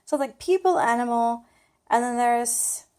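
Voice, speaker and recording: A chatty young woman with a slightly higher voice talks through her flashcards in a loose, think-aloud way. She pokes fun at herself as she goes and sounds relaxed and unscripted. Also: a little slow. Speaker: language learner sharing study method. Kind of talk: casual talk-through of flashcards.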